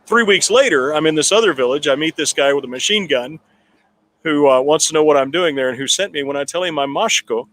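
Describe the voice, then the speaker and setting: A man in a town hall conversation telling a long personal story in a relaxed, rambling way with frequent restarts. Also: fairly high pitch, a little fast. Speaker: political candidate guest.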